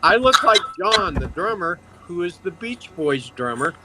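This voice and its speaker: Chatty man telling animated stories. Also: high voice, unhurried, slight background noise, poor audio. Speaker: guest. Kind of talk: casual storytelling chat.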